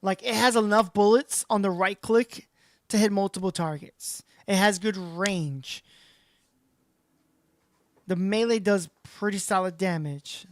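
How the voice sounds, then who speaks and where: A woman's voice: medium pitch, measured pace, no room sound. A woman giving casual livestream commentary as she plays a game, chatting and reacting aloud to the match. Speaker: game streamer.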